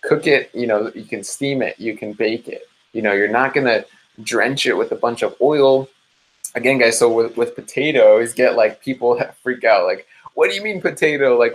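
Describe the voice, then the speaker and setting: A man's voice: medium pitch, rough recording. A man in his twenties or thirties hosting a live diet support session, talking casually and energetically and calling viewers "guys". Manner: mimics listeners in animated quoted asides. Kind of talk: casual live-stream advice talk.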